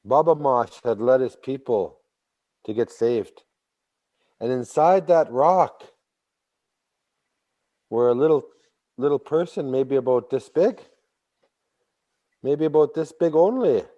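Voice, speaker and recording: A man tells a traditional story slowly and deliberately in a mellow, dark, medium-pitched voice, repeating phrases and bursting into animated emphasis at key moments. The audio is slightly dull and lo-fi.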